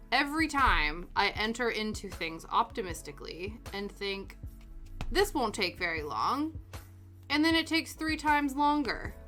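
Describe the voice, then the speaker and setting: Young woman streamer, lively pitch, chatty and self-mocking while crafting, faint music under her. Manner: chatty, self-deprecating, laughs often. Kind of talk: casual chat while crafting. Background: soft background music.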